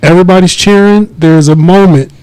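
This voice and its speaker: Higher guy podcast cohost, repeats stuff for emphasis, super dry sound. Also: a little fast, a little mellow, clear, resonant tone, no echo, low-quality recording. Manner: emphatic, repeats his points. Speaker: podcast co-host. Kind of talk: casual chat.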